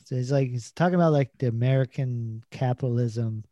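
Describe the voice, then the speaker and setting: A man's voice: medium pitch, fairly quick, dark tone, no echo, dull audio. A man co-hosting a casual podcast, reading out quotes and laughing often. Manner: reads lyric quotes aloud, laughs often. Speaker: podcast co-host running a quiz game. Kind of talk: casual chat.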